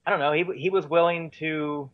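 A man's voice: on the high side, fairly even intonation, brisk, dry recording, highs cut off. A man telling stories as a guest in an interview, rambling with many fillers and restarts. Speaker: touring musician guest. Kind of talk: casual storytelling in an interview.

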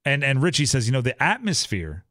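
A man's voice: mid-range voice, big pitch swings, fairly quick, a bit bright, no echo, clean studio sound. A young man co-hosting a sports talk show in a casual, rambling way, acting out the teammates he quotes. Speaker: sports podcast co-host.

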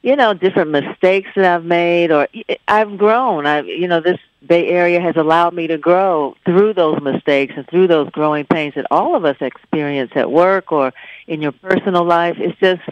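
A woman in her fifties, a veteran news anchor, answers questions with a smooth, resonant voice and a measured, reflective manner. Her line sounds dull and lo-fi, like a remote feed. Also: on the low side. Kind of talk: interview answers.

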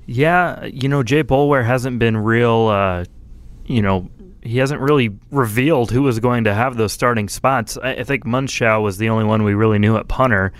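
A man's voice: medium pitch, normal speed. A man co-hosting a casual sports podcast, easygoing and a bit self-deprecating, with fillers as he thinks. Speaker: newspaper reporter, co-host.

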